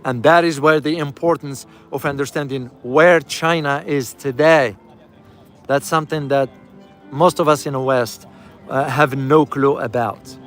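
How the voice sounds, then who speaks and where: A man's voice: medium pitch, steady tone, measured pace, fairly bright tone, faint music behind. A man giving casual travel commentary to his viewers while riding through a city, addressing them as "guys" and repeating key phrases for emphasis. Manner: speaks directly to viewers as "guys".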